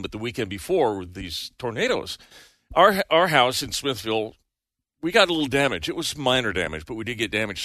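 Bright, dry-sounding man telling a story. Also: medium pitch, no room sound. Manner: chuckling, rambling anecdote with restarts. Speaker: show co-host. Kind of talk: casual chat, storytelling.

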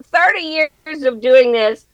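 A woman's voice: sits high, expressive, takes it slowly, a bit bright, no echo, highs cut off. A middle-aged woman comedian giving a guest interview, talking earnestly and reflectively and laughing easily. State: widowed. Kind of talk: conversational interview answers.

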